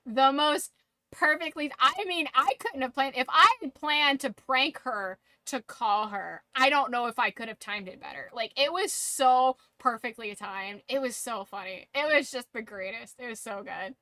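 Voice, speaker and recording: A high-pitched woman with a bright, sharp tone tells a story to her stream in a dry, close sound. She giggles often, swears freely and keeps saying "like". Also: moderate pace, no room sound. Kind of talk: casual storytelling to a live stream.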